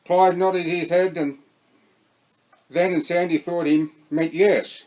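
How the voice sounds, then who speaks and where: A man with an Australian accent reading his own novel aloud in a steady storytelling voice. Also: sits high, slow, pauses often, low-quality recording. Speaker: narrator.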